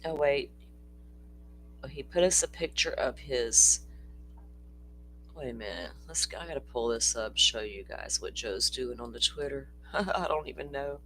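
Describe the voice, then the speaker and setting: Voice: mid-range voice, measured pace, pauses often, a bit bright, slight background noise. Rambling livestream host. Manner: rambling, chatty, laughs often, swears casually. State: tired, yawning. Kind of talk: casual true-crime livestream chat.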